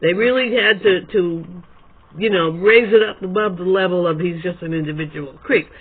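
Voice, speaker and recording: Husky high-voiced man rambling at home. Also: moderate pace. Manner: digressive, self-correcting, chatty. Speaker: video blogger. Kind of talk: rambling storytelling monologue. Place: room at home with a quilt behind him. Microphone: camera at his desk. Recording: tinny phone-like sound.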